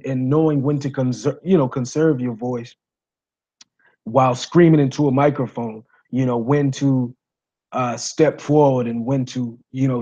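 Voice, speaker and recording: A man with a raspy voice giving a casual singing lesson to viewers, rambling, repeating himself and saying "you know" and "guys" often. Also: on the high side, dark tone, dull audio. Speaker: singing coach.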